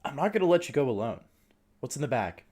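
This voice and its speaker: A man's voice: medium pitch, big pitch swings, fast talker, mellow, pitched above the performer's own voice. A man voicing a tough, determined middle-aged woman prison guard with a blunt, sarcastic way of talking. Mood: stern.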